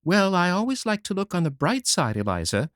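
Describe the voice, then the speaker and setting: A man reading a storybook voices a timid, cheerful older woman who speaks gently and earnestly. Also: high voice, wildly swooping pitch, brisk, no room sound, studio quality, voice pushed up, exaggerated voice. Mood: earnest hope.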